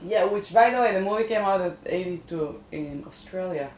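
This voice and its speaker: A man's voice: high-pitched, brisk, a little mellow. A man co-hosting a podcast, chatting casually in a scattered, playful way. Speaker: podcast co-host. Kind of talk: casual chat. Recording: echoey room, faint background noise.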